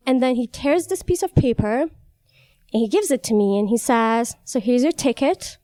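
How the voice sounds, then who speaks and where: A young woman from Iran, telling a personal story on stage in an animated, wry way. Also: on the high side, moderate pace, dry recording, clean studio sound. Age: young adult. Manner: animated, wry, laughs between lines.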